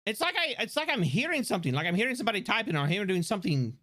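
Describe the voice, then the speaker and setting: A man streaming live, chatting excitably, swearing and rambling with restarts into a desk microphone. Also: sits high, rapid-fire. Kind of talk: casual live-stream chat.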